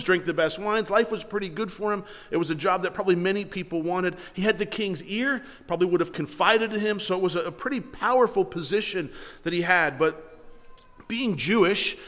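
A man's voice: high voice, a bit bright. A man preaching a sermon as pastor, talking in a conversational way with frequent restarts, in a church hall.

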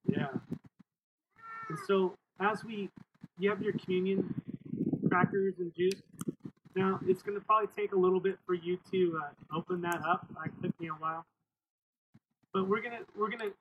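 A middle-aged male pastor preaching emphatically outdoors, repeating phrases and calling on the church for amens. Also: high voice. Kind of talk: outdoor sermon. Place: outdoors, windy. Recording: tinny phone-like sound with wind noise.

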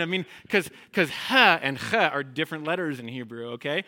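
A man's voice: fairly high pitch, animated, fast, sharp tone. A man, a guest Hebrew teacher, leading a congregation through a lesson with call and response and checking in often with "okay?" and "right?".

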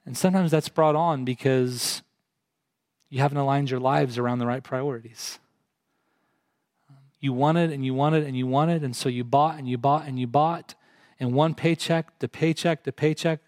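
Earnest man preaching, fairly high voice. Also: no room sound. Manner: earnest, asks the congregation direct questions. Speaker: pastor. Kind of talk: sermon.

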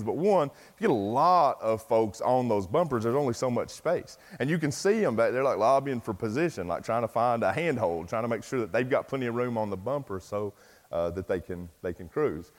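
A middle-aged man, a pastor telling a self-deprecating story in a folksy sermon with plenty of fillers. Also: medium pitch. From East Tennessee, US. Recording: long reverb from a large hall.

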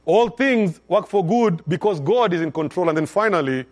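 Guy preaching a sermon, kinda high voice, drops quiet then booms, gets the church to say it back. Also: lively intonation, moderate pace. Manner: call-and-response preaching with swings from soft to loud. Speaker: pastor.

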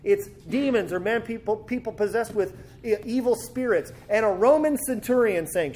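A man's voice: high-pitched, animated, normal speed, few pauses, darkish tone. A man preaching a sermon in a conversational way, often restarting his words as he explains a passage. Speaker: pastor.

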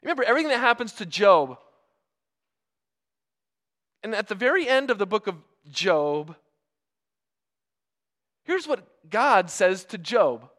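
A man with a notably high voice preaches a sermon. He builds his points through rhetorical questions, pressing each one home with earnest emphasis and drawn-out pauses before key words. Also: very animated, a bit bright.

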